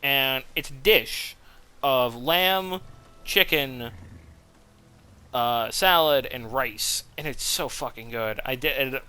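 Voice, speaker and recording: Bright-voiced, rambling male streamer. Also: medium pitch, slow pace, clear, resonant tone. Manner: rambling, profane, restarts often. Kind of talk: casual game commentary.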